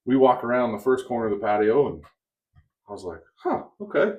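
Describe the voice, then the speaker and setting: Here a podcast co-host speaks at normal speed in a medium-pitched voice. He spins a long, casual tale with lots of animation, performing the voices of the characters he quotes.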